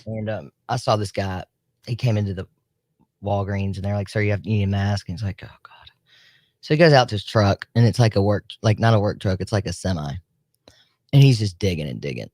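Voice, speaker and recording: A woman, co-hosting a radio show and telling a story in a chatty, lively way, acting out what people said. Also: very deep voice, fairly quick, no echo. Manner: chatty, animated storyteller who acts out quotes. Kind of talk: casual storytelling on morning radio. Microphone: studio mic.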